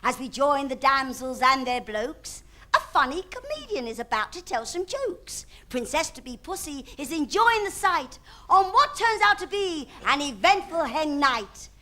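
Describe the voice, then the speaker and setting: Very high, bright woman narrator in rhyme. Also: sing-song, unhurried. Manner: sing-song rhyming delivery. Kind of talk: rhyming pantomime narration.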